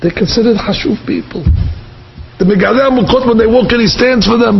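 A man's voice: very high voice, brisk, creaky, lo-fi sound, slight background noise. A man preaching a religious story in a vivid, dramatic manner, repeating short phrases for effect.

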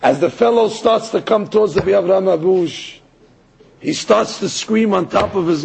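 Man, sermon, storytelling, high-pitched, gravelly, very husky. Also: normal speed, slight background noise, poor audio. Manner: animated storyteller, rising to emphatic peaks. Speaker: rabbi or Torah teacher.

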